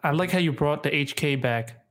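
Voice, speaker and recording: A man with a fairly high voice hosts a casual podcast with lots of energy. He speaks in quick slang and reacts eagerly to his friends. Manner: excitable, laughs a lot, slangy. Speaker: podcast co-host. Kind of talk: casual chat.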